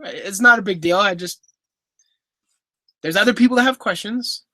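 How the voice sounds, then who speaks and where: This livestream host is a young Canadian man in his twenties who reads viewer questions from chat and chats back casually, apologizing quickly and laughing often. He has a high, bright, forward voice, captured dry and close with no room sound at all.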